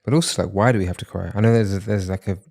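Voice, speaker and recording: A man with a lowish voice speaks as a guest on a podcast in a room. His tone is earnest and reassuring, reflective as he chats casually. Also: very fast, darkish tone. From London, England. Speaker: masculinity coach, podcast guest.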